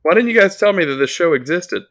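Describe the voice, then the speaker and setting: Lively, bright-voiced joking man. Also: sits high, fast talker. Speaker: podcast host. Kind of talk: casual chat.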